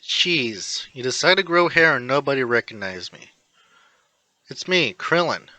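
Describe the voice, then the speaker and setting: A man doing a breezy loud fighter buddy. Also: mid-range voice, sing-song, a little slow, dry recording, heavily acted. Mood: teasing.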